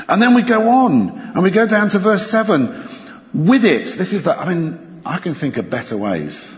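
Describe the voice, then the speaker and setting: Animated preacher man in a reverberant church. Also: a little high. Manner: animated, expressive delivery with dramatic slowdowns. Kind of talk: sermon.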